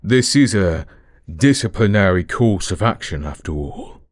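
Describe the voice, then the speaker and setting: Low husky man, slow commanding murmur. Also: lively intonation, no room sound, clean studio sound. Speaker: audio role-play performer. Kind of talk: adult audio role-play.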